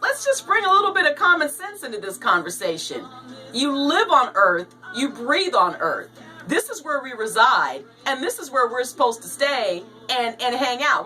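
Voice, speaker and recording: Chatty woman with a bright, off-mic voice. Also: high-pitched, distant mic, poor audio. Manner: chatty, animated, jokey asides. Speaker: news commentary vlogger. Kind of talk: casual news commentary. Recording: voice a bit off-mic, with light music behind.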